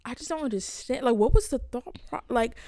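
A woman co-hosting a podcast in relaxed casual chat, with laughing asides. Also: on the high side, fairly quick. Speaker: podcast co-host.

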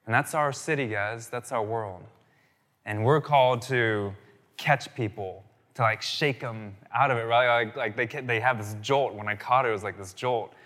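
A pastor in his thirties preaches in a chatty, storytelling way, often checking in with "right?". His voice is bright and forward. The sound rings out in a large church hall with a long reverb. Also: medium pitch. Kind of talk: sermon.

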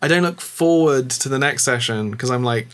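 Casual podcast talker, male, bright voice, rambles with fillers. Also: medium pitch, moderate pace. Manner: rambling, lots of filler words. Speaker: tabletop game player and game master.

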